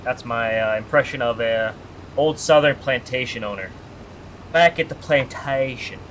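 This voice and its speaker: A man streams a game and chats easily with his viewers, teasing them and reacting to the chat. His voice is bright and edged, with a faint steady hum of air conditioning behind him. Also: medium pitch, measured pace. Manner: chatty, joking, reads chat aloud. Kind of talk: casual live-stream chat.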